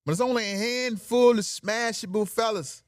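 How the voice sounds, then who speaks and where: Male podcast host, brash comic monologue, slightly high voice, dry close sound. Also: moderate pace, no room sound. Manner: brash, joking, laughs at his own bits. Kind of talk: casual comedic monologue.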